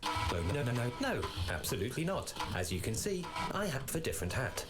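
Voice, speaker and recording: A man's voice: mid-range voice, big pitch swings, fairly quick, close to an everyday voice. An actor voicing a prim, formal male retail robot in video game dialogue. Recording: game audio with loud music.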